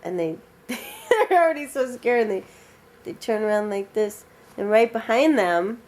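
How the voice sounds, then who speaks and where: A woman telling an original vampire story aloud in a casual, animated, rambling way, with many fillers. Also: a little high, a little slow.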